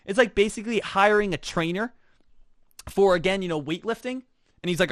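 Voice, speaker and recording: A man with a high, bright-sitting voice runs an energetic trading lesson, peppering it with "right?" and "again". The sound is dry and close. He slips into quick put-on voices for imagined students. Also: no echo. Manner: rhetorical "right?" and repeated "again". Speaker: trading instructor. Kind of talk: energetic teaching talk.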